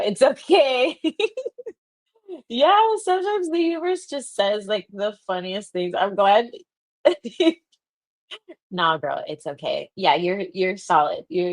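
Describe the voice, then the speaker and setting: A young woman hosting a livestream tells a story casually, giggling often and filling her speech with "like." Her voice is fairly low in pitch, and the recording is dry.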